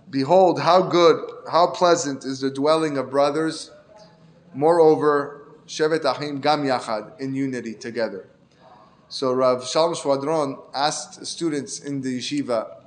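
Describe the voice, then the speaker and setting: A man giving an earnest Torah talk, telling a story and lifting his voice to stress key points. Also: fairly high pitch. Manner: earnest storyteller who lifts his voice for emphasis. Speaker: Torah teacher. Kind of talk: Torah class sermon.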